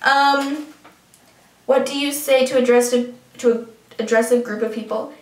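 A woman's voice: sits high, fairly even intonation, moderate pace. A young woman vlogger chatting casually and reading a word list, giggling now and then. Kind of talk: casual chat. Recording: echoey room from far off.

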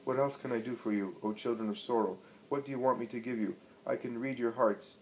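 A man voicing Jesus, a stern, commanding male teacher, in a storybook reading with solemn, forceful declaiming. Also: medium pitch, fairly even intonation, a little fast, slight background noise, natural voice, rough recording. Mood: gentle.

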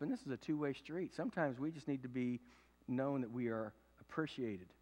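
A man in his fifties preaching a sermon, swinging from loud emphatic preaching to low confiding tones. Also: normal speed, long reverb tail, muffled recording. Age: 50s. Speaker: pastor. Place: church sanctuary.

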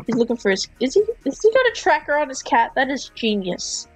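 A woman's voice: sits high, brisk, no room sound, soft background music. A woman hosting her channel, casually commenting and laughing as she reads a comic aloud. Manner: chatty, laughing, excitable. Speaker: comic reader, channel host.

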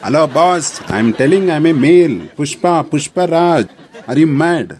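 Guy playing a fed-up customer, lowish voice, blunt. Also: normal speed, lightly acted. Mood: exasperated. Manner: increasingly exasperated, blunt. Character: exasperated male customer. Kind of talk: comedy sketch.

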